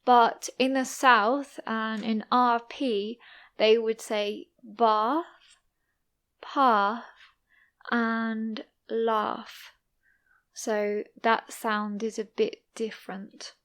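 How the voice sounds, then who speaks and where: A young woman with an East Midlands English accent, giving a careful, slow English listening lesson as a podcast host. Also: fairly high pitch, steady tone. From East Midlands, England. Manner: careful, deliberate pronunciation. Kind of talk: slow, clear teaching monologue for English learners.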